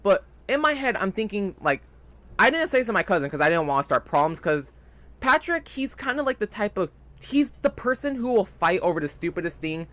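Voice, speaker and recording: A man's voice: high voice, sing-song, brisk, fairly bright tone. A young man rambling casually in gameplay commentary, chatty and full of fillers. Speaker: gaming channel host.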